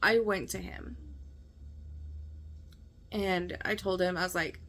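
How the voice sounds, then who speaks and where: A woman's voice: fairly low pitch, steady tone, slow, long pauses, a bit bright. A woman vlogger telling a personal story in an emphatic, conversational way, often checking in with her listeners.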